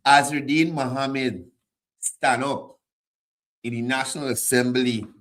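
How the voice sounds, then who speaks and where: A man's voice: mid-range voice, a bit bright. A middle-aged man with a Guyanese accent hosting a political commentary show, mocking and firing off repeated rhetorical questions. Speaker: host.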